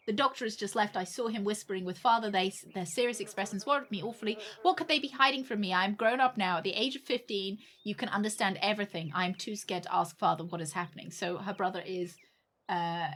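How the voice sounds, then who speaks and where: Bright-voiced woman streamer reading game text. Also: mid-range voice. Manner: wry, with sweary joking asides. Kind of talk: reading game text aloud with live commentary.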